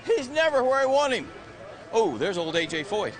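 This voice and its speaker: A man's voice: very high voice, very animated, moderate pace. A man in his sixties, out of breath, teasing drivers during live interviews outdoors on a racing grid. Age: 60s. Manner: joking, teasing, shouts greetings. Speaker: pit reporter.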